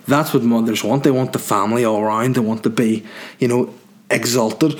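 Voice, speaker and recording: A man's voice: mid-range voice, steady tone, a little fast. Rambling Northern Irish man, comic monologue. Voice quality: rambling, tangent-prone delivery.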